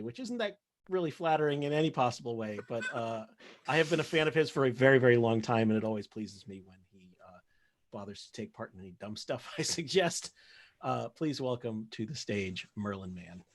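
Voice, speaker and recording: A man's voice: medium pitch, very animated, a little fast. A man hosting a livestream reading event, chatty and a bit hesitant. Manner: chatty, hesitant, self-mocking. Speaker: host.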